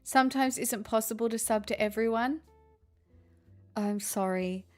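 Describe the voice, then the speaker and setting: A woman's voice: a little high, measured pace, darkish tone, faint music behind. An Australian woman hosting a casual live stream, chatting with viewers in a sarcastic, self-deprecating way. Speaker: livestream host.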